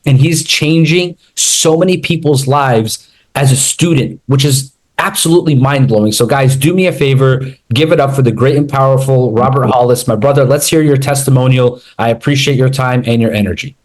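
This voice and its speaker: Male host, mid-pitched, earnest and heartfelt intro. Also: normal speed, poor audio. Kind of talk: live stream introduction.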